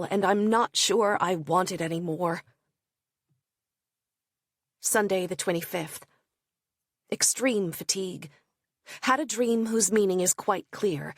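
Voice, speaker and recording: A woman narrating a first-person diary in a measured, introspective audiobook reading. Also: dry recording, clean studio sound. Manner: measured, introspective reading with soft low asides.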